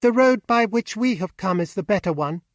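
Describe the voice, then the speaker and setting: A man's voice: high voice, lively intonation, normal speed, no echo, clean studio sound. A man voicing a cheerful young woman.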